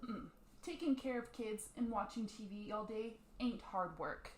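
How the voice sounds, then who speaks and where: A woman voicing a domineering husband in an acted role-play, talking in a gruff, dismissive, bullying way. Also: a little high, normal speed, roomy sound, natural voice.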